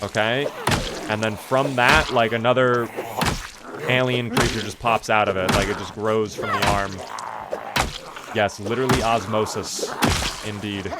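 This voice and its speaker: A man's voice: lowish voice, steady tone, measured pace, pauses often. A young man commenting casually on a live game stream, joking, swearing and answering chat as he plays. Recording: noisy stream audio with clicks.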